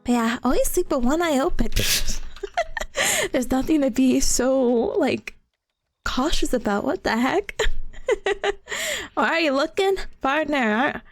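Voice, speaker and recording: Giggly high-voiced woman streamer. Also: very animated, takes it slowly, no room sound, soft background music. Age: young adult. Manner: giggly, laughs often. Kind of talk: casual live-stream chat.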